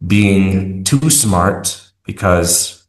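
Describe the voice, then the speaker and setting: American man, low and slow, halting casual guest, roomy echo. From United States. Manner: hesitant, many fillers and restarts. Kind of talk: casual interview talk.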